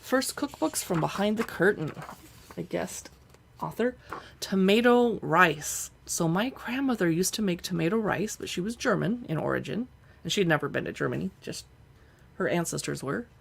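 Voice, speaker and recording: A woman live streaming as she pages through cookbooks, chatting casually and reading recipe lists aloud as she thinks out loud. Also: lowish voice, animated, normal speed, gravelly, husky. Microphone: streaming setup.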